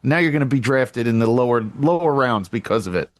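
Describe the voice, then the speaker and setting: A middle-aged man co-hosting a casual podcast who tells stories animatedly and jumps up in pitch when he acts out what people said. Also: expressive, a little fast, no room sound. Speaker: podcast co-host; girls flag football coach. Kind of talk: casual chat.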